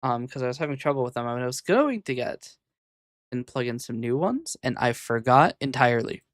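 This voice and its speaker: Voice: medium pitch, lively intonation, a little fast, dry recording, studio quality. A VTuber streamer chatting casually on a live stream, rambling and hesitant, often muttering to themself.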